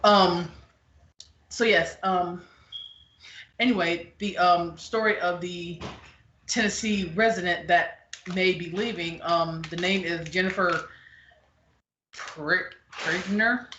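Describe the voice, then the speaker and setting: Blunt, animated woman podcast host. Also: lowish voice, takes it slowly, pauses often, a little hiss or hum. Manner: animated, blunt, acts out quoted people. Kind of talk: casual opinionated chat. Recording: echoey, dull lo-fi room.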